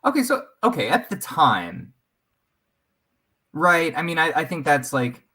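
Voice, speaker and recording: A man's voice: fairly high pitch, wildly swooping pitch, a little slow, pushed and bright, breathy edge. A man in a casual livestream chat, easygoing and hedging, with dry sarcasm.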